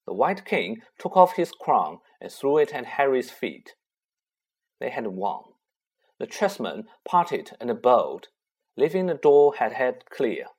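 Man, audiobook narrator, husky, lively intonation. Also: medium pitch, slow pace. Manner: expressive storytelling. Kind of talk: audiobook reading.

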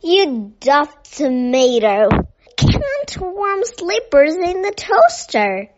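A woman voicing a big, bossy Mrs Christmas who yells and scolds, in a dull lo-fi recording. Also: very high voice, big pitch swings, drawn-out words, heavily acted. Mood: scolding. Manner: yelling and scolding.

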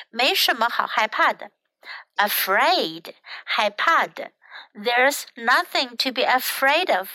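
Woman, children's English teacher, high bright voice, dry close sound. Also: lively intonation, dry recording. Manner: repeats phrases slowly then explains. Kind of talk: bilingual children's English lesson.

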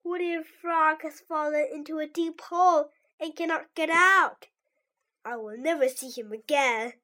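A worried little male toad from a storybook, read aloud by a woman. He frets out loud in a high, bright voice, always imagining the worst. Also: measured pace. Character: fretful male toad, small, anxious.

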